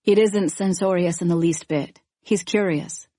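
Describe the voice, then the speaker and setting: Narrating a first-person thriller audiobook, a woman uses her lowish voice in a calm, measured, even manner, captured in a dry recording with clean studio sound.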